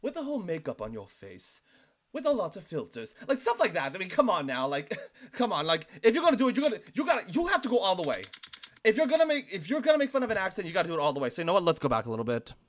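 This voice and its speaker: Man, high-pitched, swooping lively delivery, emphatic streamer commentary. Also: very fast. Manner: animated, emphatic, lots of "like". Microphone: desk microphone.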